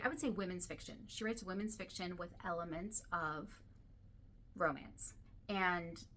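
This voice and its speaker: A woman chatting casually to camera about books she loves, gushing and sometimes dropping to a soft whisper, her throat dry and irritated. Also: mid-range voice, slight background noise. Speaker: book vlogger.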